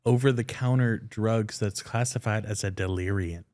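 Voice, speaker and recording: A young man co-hosting a podcast, telling stories in a loose, excitable way and swearing casually. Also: fairly low pitch, moderate pace. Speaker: podcast co-host. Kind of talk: casual chat.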